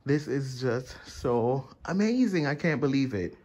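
A man vlogging casually and excitedly, showing off his newly decorated bedroom in slangy chat. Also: mid-range voice, measured pace. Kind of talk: casual home vlog.

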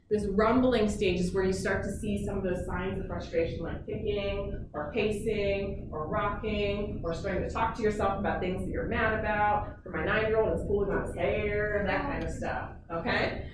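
A woman psychologist giving an informal talk to parents, chatty and often checking in with "okay?". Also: medium pitch. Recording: echoey room, mic far off, noisy.

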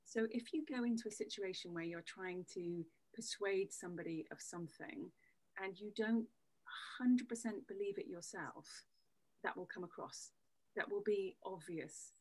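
A woman speaks as a voice coach in an interview, her tone husky and a little breathy. She explains things patiently and backs her points with examples. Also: medium pitch, normal speed, darkish tone, rough recording. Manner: explanatory, uses demonstrative examples. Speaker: voice coach guest. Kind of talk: conversational interview.

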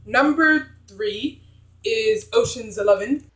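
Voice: mid-range voice, takes it slowly, a bit bright, echoey room, poor audio. A young vlogger chatting casually about old movies in a rambling, blunt way. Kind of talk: casual movie-review vlog.

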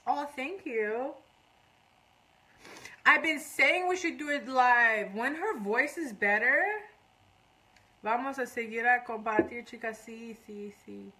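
A woman's voice: fairly high pitch, takes it slowly, long pauses, bright, forceful tone, low-quality recording. Chatty woman mixing in learner's Spanish. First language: English. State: runny nose. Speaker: makeup artist streaming live. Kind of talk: casual live-stream makeup tutorial.

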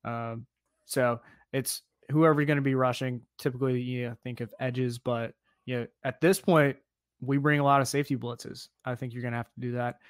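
A man's voice: medium pitch, fairly even intonation, moderate pace, clean tone, no echo, clean studio sound. A man co-hosting a casual sports podcast, talking in a loose, easygoing way full of "like" and "kinda.". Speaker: podcast co-host.

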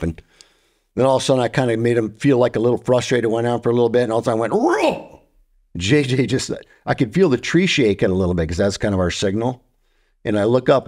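A man's voice: medium pitch, a little mellow. A man co-hosting a podcast, telling hunting stories with lots of animation and imitating deer calls and grunts. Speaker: podcast co-host. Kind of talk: storytelling.

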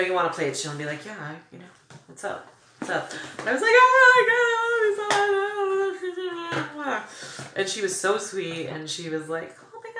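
A young woman chats through a beauty unboxing, gushing and excitable, full of fillers. Her voice sits low. The room is echoey and noise hums clearly behind her. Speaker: beauty vlogger. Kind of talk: casual unboxing chat.

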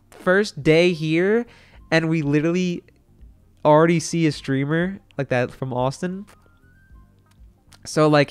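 A young man telling a story to his stream chat, excitable and rambling, with lots of fillers and swearing. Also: a little high, clean tone.

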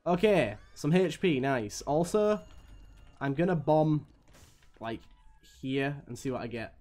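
A man giving live gameplay commentary as a streamer, swearing often and swinging between weary groans and excited yelps. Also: a little high, slow pace, faint music behind.

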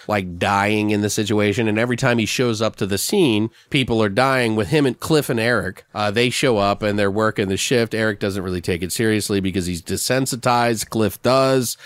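A podcast host brainstorms a horror story aloud in casual, profane rambling, now and then acting out his characters. His voice is a lowish, clear, resonant male voice, recorded close and dry. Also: no room sound. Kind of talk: casual improvised brainstorming chat.

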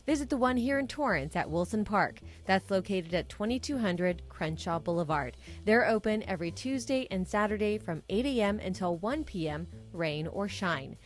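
A woman's voice: mid-range voice, expressive, moderate pace, few pauses, soft background music. Woman announcer reading a closing voice-over. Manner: clear, informative read.

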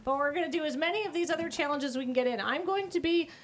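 A woman running a live charity stream, briskly calling out one challenge after another. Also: high-pitched. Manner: brisk, calls out instructions, playful. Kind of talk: fast live stream hosting.

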